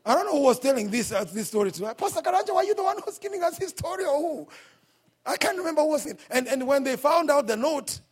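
A man with a Kenyan accent, preaching a sermon as pastor at a church service, swinging between hushed asides and shouted points. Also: very high-pitched, sing-song, fast.

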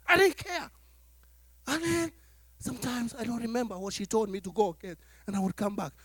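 With a very high, husky voice at a moderate pace, a man preaches to his church in a recording with no room sound. He's lively, acting out short exchanges and laughing along.

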